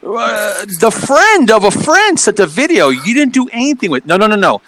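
A man's voice: high voice, big pitch swings, normal speed, fairly bright tone, slight background noise, low-quality recording. A man in casual chat, emphatic and profane, chiming in and adding to the story. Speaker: podcast co-host.

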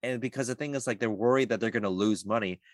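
A man who works as a voice actor, talking in a casual podcast interview, animated and chatty with lots of fillers. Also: fairly low pitch, fast talker, no echo. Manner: animated, lively storytelling with many fillers. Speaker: voice actor guest.

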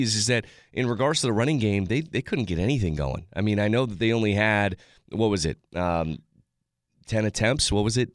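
A man's voice: on the low side, no room sound, clean studio sound. A man giving casual sports analysis on a talk show, rambling with frequent restarts and fillers.

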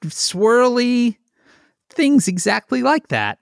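A man's voice: very high voice, very animated, slow, gravelly, dry recording. A man co-hosting a podcast in casual chat, teasing his co-host drily. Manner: dry teasing.

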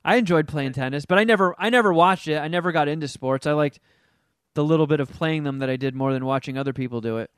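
A man with a smooth, clear voice talks loosely about a film he just watched, swearing often. He gets animated and lapses into mocking voices when recounting scenes. The recording is dry and close. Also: a little high, fast, no room sound. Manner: profane, animated, does mocking voices in quotes. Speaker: podcast co-host reviewing a movie. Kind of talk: casual chat.

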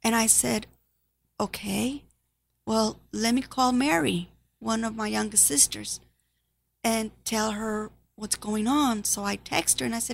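A woman who is a nurse giving an emotional personal testimony to an audience, halting and sometimes dropping to a near whisper. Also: a little high, creaky. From Spanish-speaking background.

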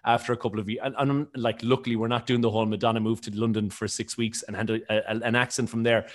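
A man from County Limerick with a mild Irish accent, a radio presenter answering interview questions in a rambling, quick, self-correcting way. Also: mid-range voice, level tone. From Ireland, County Limerick. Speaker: radio presenter and stage co-host.

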